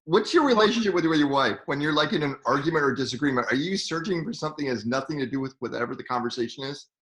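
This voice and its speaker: A man's voice: on the high side, expressive, rapid-fire, fairly bright tone. Host guy on a video call, teasing, lots of room echo. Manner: teasing, laughs easily. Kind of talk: casual video call chat.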